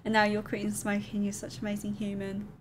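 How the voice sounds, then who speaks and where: A woman's voice: mid-range voice, monotone, quick pace, slight background noise. A woman streaming live, chatting candidly and thanking viewers affectionately, calling them darling. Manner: candid and emotional, rambling. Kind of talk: casual live-stream chat.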